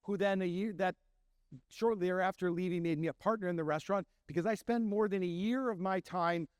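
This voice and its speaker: Middle-aged chef, lively storyteller who acts out quotes; high-pitched voice, dry recording. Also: male voice, a little fast, clean tone, dry recording. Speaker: chef and restaurant owner. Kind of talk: storytelling talk.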